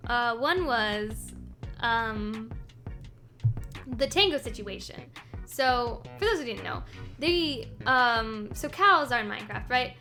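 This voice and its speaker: A woman's voice: a little high, lively intonation, takes it slowly, pushed and bright, soft background music. A woman streamer chatting casually as she recaps a game series, rambling with lots of ums and small laughs. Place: home streaming setup.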